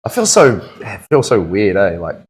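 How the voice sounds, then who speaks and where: A man talks in a slightly low voice. He chats casually while tattooing on a live stream, easygoing and laughing often, with plenty of swearing. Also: huge pitch swings, moderate pace. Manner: laid-back banter, swears freely, laughs often. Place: tattoo studio.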